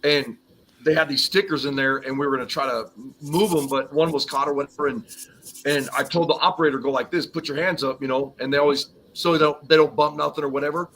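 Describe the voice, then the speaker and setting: A man's voice: fairly high pitch, fairly even intonation, fast talker, fairly bright tone, poor audio. A man telling a work injury story in casual chat, rambling and saying "whatever" a lot. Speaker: guest, former iron worker. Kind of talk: casual live-stream chat.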